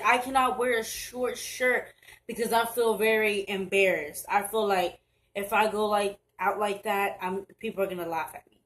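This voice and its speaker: A young woman speaks earnestly into her camera, offering advice in a casual vlog. She talks in halting bursts and often restarts her sentences mid-thought. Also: medium pitch, fairly even intonation, a bit bright, poor audio. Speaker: vlogger. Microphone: camera mic, looking down at screen.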